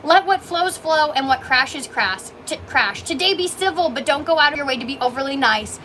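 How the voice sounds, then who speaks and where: A woman with a high, expressive, bright voice speaks at normal speed in a forceful tone, with slight background noise. She's a Canadian coffee shop owner livestreaming from indoors at her small shop, reading viewer comments in a gushing, bubbly, emotional way.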